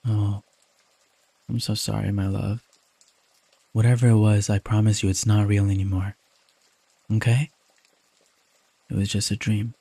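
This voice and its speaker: A man in a whispered role-play as a caring boyfriend, talking softly and tenderly to comfort his partner. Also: lowish voice, flat delivery, a little slow, vocal fry, pauses often, breathy edge, dry recording. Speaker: ASMR creator.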